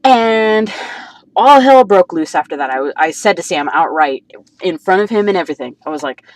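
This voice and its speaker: Woman vlogger, low-pitched, agitated, profane and rambling. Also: lively intonation, moderate pace, no echo. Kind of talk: venting personal story.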